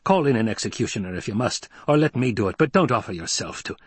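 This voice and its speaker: A man voicing a scarred, vengeful male warrior who rasps and hisses his pleas. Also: lowish voice, expressive, quick pace, no room sound. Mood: bitter pleading. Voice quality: raspy. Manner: hissing, pleading.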